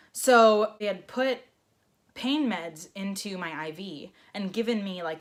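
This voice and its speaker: A young woman telling a personal story in a vlog, animated and acting out the voices she quotes. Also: fairly low pitch, slight background noise. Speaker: vlogger.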